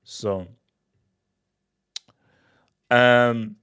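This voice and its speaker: Man, casual live Q&A host, middle pitch, frequent restarts, laughs a lot. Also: drawn-out words, smooth. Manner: animated, repetitive restarts, laughs often. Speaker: football channel host.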